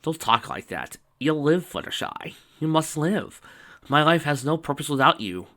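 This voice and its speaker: A man's voice: a little high, very animated, moderate pace, bright, forceful tone, voice pushed up. A man voicing a devoted male chaos creature, pleading and emotional.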